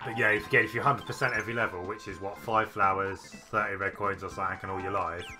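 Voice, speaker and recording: A man's voice: on the low side, steady tone, quick pace, music in the background. A man co-hosting a game stream, chatting casually and sharing trivia about old games. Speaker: streamer co-host. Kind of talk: casual chat while watching games.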